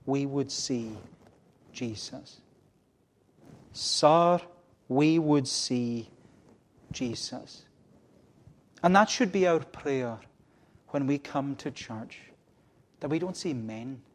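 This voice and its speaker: This medium-pitched male minister preaches in church from the pulpit. Refrains come back again and again while his delivery rises into loud cries and falls into hushed lines.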